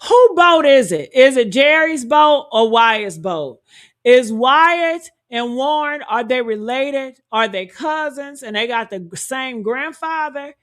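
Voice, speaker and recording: In a fairly bright, high voice and at an unhurried pace, this host narrates a true-crime case to her viewers. Rhetorical questions come often, and she calls the audience "honey" and "y'all."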